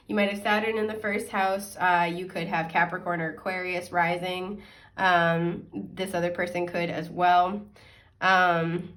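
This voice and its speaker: A woman's voice: mid-range voice, fairly bright tone. A woman giving a casual tarot reading to her viewers. She is chatty and giggly and fills her talk with frequent ums and likes. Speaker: tarot reader.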